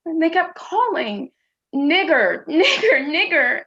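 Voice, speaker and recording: A woman's voice: sits high, unhurried, gravelly, highs cut off, heavily acted. A woman playing a small, earnest young boy who asks plaintive, childlike questions in a stage play. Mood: hurt.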